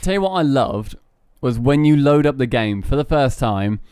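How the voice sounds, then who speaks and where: Co-host, man, enthusiastic casual chat, smooth clear voice, dry sound. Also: medium pitch, lively intonation, normal speed, darkish tone, dry recording.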